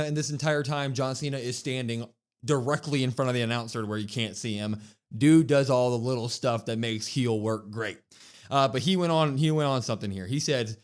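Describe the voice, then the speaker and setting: A man co-hosting a podcast, giving a lively, quick, chatty play-by-play recap of a wrestling show on a live stream. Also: mid-range voice. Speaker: podcast co-host.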